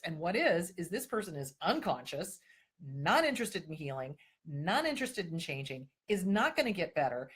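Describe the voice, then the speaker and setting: A woman's voice: medium pitch, slightly rough. A woman hosting a live-stream advice talk and answering viewer questions, talking emphatically and with lots of repetition, and sometimes slipping into mocking voices to act out other people.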